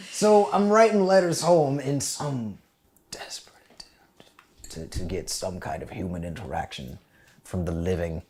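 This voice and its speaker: On a podcast, a young army veteran from the United States casually recounts a story, cursing freely. His delivery moves through big shifts in pitch and loudness.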